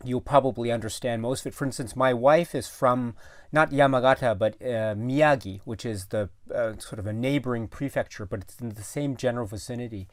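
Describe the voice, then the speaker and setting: Halting man, dry close sound. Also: mid-range voice, dry recording. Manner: halting, searching for words with many restarts. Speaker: guest commentator. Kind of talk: casual film discussion.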